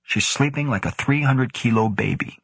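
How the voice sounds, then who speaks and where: A man's voice: mid-range voice, moderate pace, creaky, husky, no room sound, pitched above the performer's own voice. A man voicing a wry male technician who talks in a dry, reassuring way. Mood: amused.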